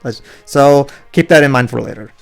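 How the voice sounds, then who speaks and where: A man hosting a game playthrough, commentating in a halting way with frequent restarts. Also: mid-range voice, vocal fry, soft background music. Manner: halting, restarts, laughs often. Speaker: host, game player. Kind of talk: let's play commentary.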